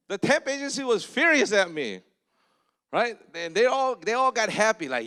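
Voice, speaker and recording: A pastor gives a conversational sermon, telling stories, exhorting his congregation bluntly and checking in with them often. His high voice is smooth, sharp-toned and sing-song, and he speaks a little slowly.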